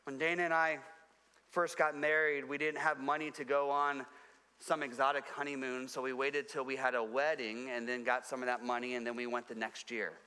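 A man preaching a sermon to his congregation, earnest and repeating phrases for emphasis, dropping low and quiet on his key points. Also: flat delivery, normal speed, clean tone, in a large hall. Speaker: pastor. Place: church sanctuary.

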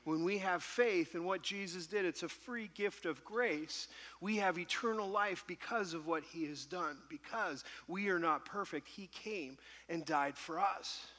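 Man pastor, fairly high bright voice, animated self-mocking storyteller, hall reverb. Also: a little slow. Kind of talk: sermon with humorous story.

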